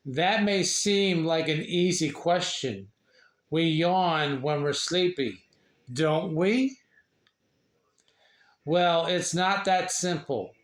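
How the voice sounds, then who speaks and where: A man reads a children's picture book aloud at a slow, careful pace. His voice sits a little high, and he stumbles and restarts over words as he goes. The room rings with noticeable echo. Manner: slow, halting reading with slips and asides. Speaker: reader sharing a book. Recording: echoey room.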